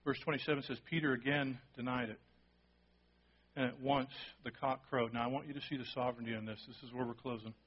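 A man preaching a sermon, telling a story with lively acted-out quotes and sudden drops to a hushed voice for emphasis. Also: medium pitch, fast, husky, lo-fi sound. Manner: animated storytelling, acting out quotes, dropping to a hush for emphasis. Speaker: pastor.

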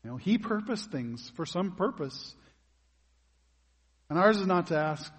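A man's voice: sits high, expressive, unhurried, long pauses, slightly rough, long reverb tail. A man preaching a sermon as pastor, in a conversational way that puts questions to his congregation.

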